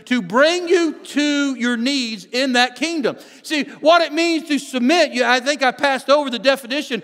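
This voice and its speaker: High-voiced preaching man in a reverberant hall. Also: moderate pace, fairly bright tone. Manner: earnest preaching with frequent restarts, reads scripture aloud. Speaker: pastor. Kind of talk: sermon. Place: church sanctuary. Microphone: microphone on stage. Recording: long church hall reverb.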